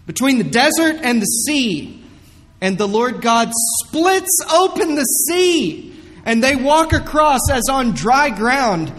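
A man's voice: very high-pitched, a bit bright, in a large hall. A man pastor preaching a sermon in an earnest, emphatic way, with dramatic retellings.

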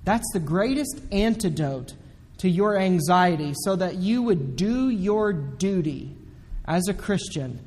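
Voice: medium pitch, lively intonation, takes it slowly, darkish tone. A pastor preaching a sermon with emphasis, repeating the key commands again and again. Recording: long echoey hall reverb.

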